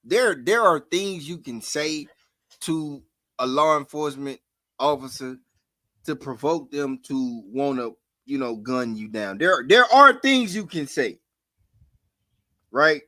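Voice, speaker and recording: A man's voice: fairly high pitch, lively intonation, takes it slowly, sharp tone, dry recording, clean studio sound. A young man co-hosting a podcast, ranting in a heated, profane way and firing off repeated questions. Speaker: podcast co-host. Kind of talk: heated casual podcast talk.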